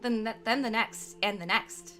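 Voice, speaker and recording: A woman's voice: on the high side, normal speed, bright, forceful tone, soft background music. A young woman from Canada playfully reading aloud her own old role-play narration.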